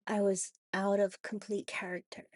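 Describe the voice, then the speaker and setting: Raspy-voiced woman sharing a confessional vlog. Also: medium pitch, little pitch movement, darkish tone, dry recording, studio quality. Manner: halting, repeats and restarts, many "you know"s. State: hoarse from a cold. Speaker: vlogger.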